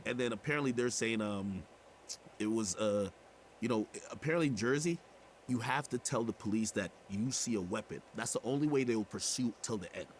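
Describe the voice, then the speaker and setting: A man telling a story in casual chat as a guest, animated and indignant. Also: on the low side, a little fast, slight background noise.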